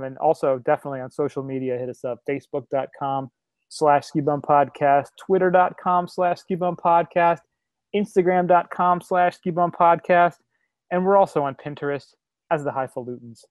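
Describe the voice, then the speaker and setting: A man's voice: fairly high pitch, a little mellow, no echo. A man co-hosting a casual podcast over a video call, upbeat and eager as he plugs the show. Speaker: podcast co-host.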